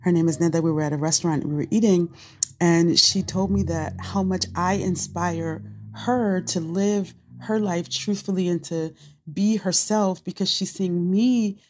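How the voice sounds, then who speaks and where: A woman's voice: lowish voice, fairly even intonation, moderate pace. A woman sending a heartfelt, reflective voice note to a podcast host, talking earnestly and rambling a little with fillers. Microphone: phone voice note.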